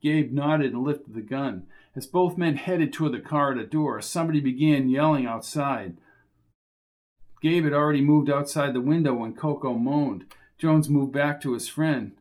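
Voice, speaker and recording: A man narrating a crime novel as an audiobook, in a steady, measured storytelling manner. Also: mid-range voice.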